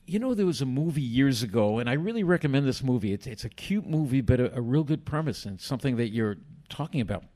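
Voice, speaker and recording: An older man, a guest telling animated stories from his past and acting out other people's lines. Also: medium pitch, fast, hardly any pauses. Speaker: interview guest. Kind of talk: storytelling in a podcast interview.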